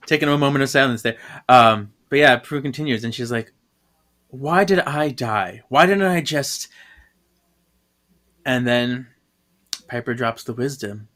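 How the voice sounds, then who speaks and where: A man hosting a casual podcast recap who laughs a lot and throws himself into the quoted lines. His voice is medium in pitch. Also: a bit bright. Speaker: podcast host.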